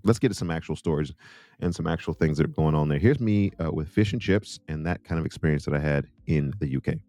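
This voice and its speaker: Talking fast in a bass voice, this American host spins casual, jokey travel stories on his own show. He's animated throughout and slips into funny voices for quoted lines.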